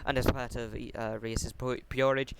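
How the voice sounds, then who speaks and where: A man casually retelling a fan story off the cuff, halting often with fillers, restarts and casual swearing. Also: medium pitch, level tone, a little hiss or hum.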